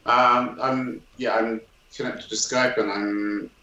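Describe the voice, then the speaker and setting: A man's voice: medium pitch, level tone, slow pace, sharp tone, highs cut off. A man playing in an online tabletop game, hesitant and full of ums. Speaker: player. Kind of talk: casual game chat. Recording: echoey room.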